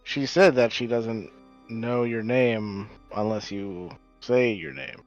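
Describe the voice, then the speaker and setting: A man's voice: mid-range voice, fairly even intonation, takes it slowly, muffled recording. Guy at the game table holding his ground, mid voice, some music behind. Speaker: player. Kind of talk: tabletop game play, casual chat.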